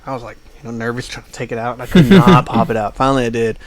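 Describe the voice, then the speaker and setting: A man's voice: medium pitch, racing. Guy on a podcast rambling through a travel story, lots of uh and like. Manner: rambling anecdote with many fillers. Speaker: podcast co-host. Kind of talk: casual storytelling chat.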